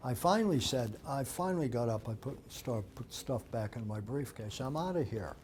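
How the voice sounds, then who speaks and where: A man's voice: medium pitch, expressive, moderate pace, darkish tone, a little hiss or hum. An older man, a dog behavior expert, giving an author talk and telling anecdotes while acting out the dialogue. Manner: anecdotal, acts out quoted dialogue. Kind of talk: storytelling talk.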